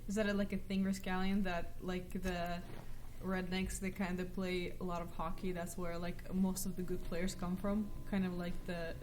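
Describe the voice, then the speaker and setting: A woman's voice: lowish voice, level tone, moderate pace, darkish tone, slight background noise. A woman from the United States chatting casually as a stream co-host, rambling and giggly. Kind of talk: casual chat.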